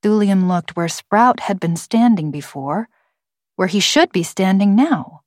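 A mid-range female voice reads scripted audiobook narration with steady, measured storytelling. The sound is dry and clean, as from a studio.

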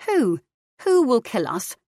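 A woman voicing a calm, practical woman doctor who speaks in a reassuring, matter-of-fact way. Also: on the high side, slow, no room sound, studio quality, voice pushed up.

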